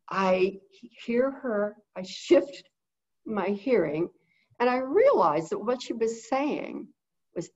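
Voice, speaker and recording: A middle-aged woman teaching in a webinar, talking quickly and rambling with many fillers in a low-set voice, over a video call mic. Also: sing-song, darkish tone, slightly rough, muffled recording. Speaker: guest bird behavior consultant.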